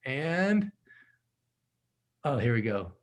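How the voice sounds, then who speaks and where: A man's voice: medium pitch, very animated, extremely slow. A man hosting a video call with translators, talking in an effusive, upbeat way and laughing often. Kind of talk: casual video call chat.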